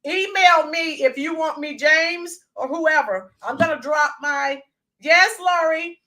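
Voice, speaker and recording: A woman's voice: high-pitched, slow pace, bright, forceful tone. A woman hosting a casual livestream, chatting with viewers and greeting them by name. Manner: chatty, reads out viewer names, bursts into sung snippets. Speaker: livestream host.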